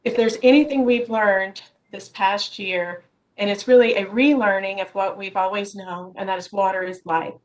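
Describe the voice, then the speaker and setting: A woman testifying remotely at a Senate hearing from her office, reading a prepared statement in a measured way over a video call. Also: medium pitch, fairly even intonation, poor audio.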